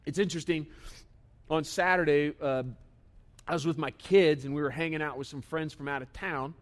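A male pastor in his thirties preaching in a relaxed, conversational way. His voice sits a little high for a man, and he keeps pressing the congregation with rhetorical questions. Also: moderate pace. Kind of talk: sermon.

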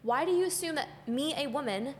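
A woman's voice: high voice, animated, fairly quick, big-room sound, slight background noise. A young woman, a podcast co-host and photographer, chatting casually and animatedly, acting out the people she quotes. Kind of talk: casual chat.

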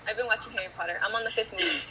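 A woman's voice: a little high, lively intonation, very fast, a crowd in the background, poor audio. A teenage girl hosting her podcast, telling a story in a rambling way, filling it with "like". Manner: rambling, filler-heavy storytelling full of "like". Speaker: podcast host. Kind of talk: casual chat, storytelling.

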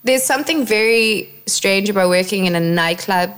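A woman's voice: medium pitch, moderate pace, fairly bright tone, smooth. A South African woman, an actress and guest, openly telling her life story in an interview in a reflective way. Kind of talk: candid personal interview.

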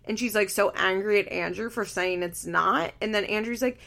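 Female podcast host, casual and blunt, constant "like" fillers, gravelly fry in the voice. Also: medium pitch, normal speed, sharp tone. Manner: blunt, opinionated, heavy use of "like" fillers. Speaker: podcast host recapping a reality show. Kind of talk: casual chat.

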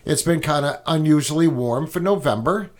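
A man's voice: a little high, normal speed. A man hosting a casual podcast from a garage studio, telling loose, profane stories and teasing his guests. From New England. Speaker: podcast host.

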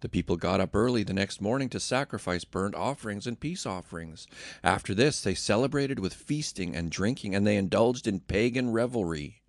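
Male narrator for scripture reading, measured and dramatic, low gravelly voice. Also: lively intonation, no echo, studio quality.

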